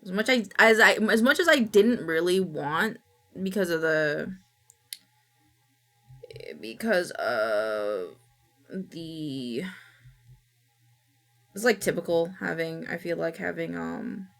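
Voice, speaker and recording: A woman's voice: fairly low pitch, lively intonation, takes it slowly, creaky, pauses often, a bit bright. A woman streamer chatting casually with her viewers, telling rambling stories and swearing casually. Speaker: Twitch streamer.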